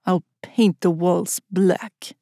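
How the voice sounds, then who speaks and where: A woman voicing a curt, touchy man with a Russian accent in an audiobook, speaking in clipped, slow, deliberate lines. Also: on the low side, steady tone, mellow, dry recording, clean studio sound. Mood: sulky. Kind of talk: audiobook character voice.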